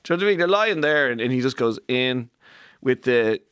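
Animated Irish man telling a story. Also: medium pitch, clear, resonant tone, dry recording, studio quality. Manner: animated storyteller, acts out doctors' lines in quick put-on voices. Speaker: guest. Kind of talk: casual chat.

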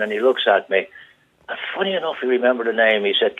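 An older Irish man on a phone-in show, telling an animated anecdote and acting out the voices of the people in it. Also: mid-range voice, fast talker, vocal fry. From Ireland. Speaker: radio caller. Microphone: telephone. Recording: tinny phone line.

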